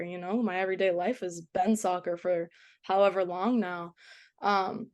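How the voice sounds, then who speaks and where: A young woman from the Boston area, a college soccer goalkeeper, chats casually as a guest on a podcast, her Boston accent slight. Her voice is lowish and darkish, the tone steady and the pace fairly quick. She laughs often and leans on lots of fillers.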